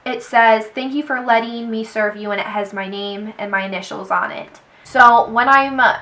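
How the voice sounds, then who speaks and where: A young woman vlogger telling a personal story to the camera. She talks in an animated way and quotes people with "he's like.". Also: on the high side, normal speed, low-quality recording. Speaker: beauty vlogger. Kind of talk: storytime vlog.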